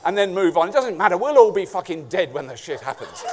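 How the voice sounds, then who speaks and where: A middle-aged man from England speaks at a conference in a high voice, swearing freely and cracking sarcastic jokes. His talk is a loose, comic rant on stage. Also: big pitch swings, fast talker, few pauses.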